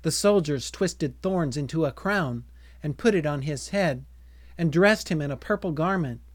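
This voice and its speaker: A man reading scripture aloud in a measured, deliberate narration. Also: a little high, animated, no room sound. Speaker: scripture reader.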